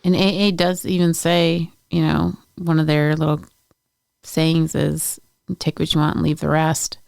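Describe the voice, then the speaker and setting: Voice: medium pitch, monotone, a little slow, gravelly, darkish tone, clean tone, dry recording, clean studio sound. A podcast co-host talking in a supportive, conversational way. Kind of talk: casual chat.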